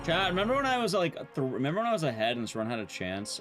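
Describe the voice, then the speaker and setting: A man's voice: fairly high pitch, wildly swooping pitch, rapid-fire. A man streaming a speedrun, rambling casually and profanely to his chat. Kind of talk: casual live-stream commentary while gaming. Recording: game music behind.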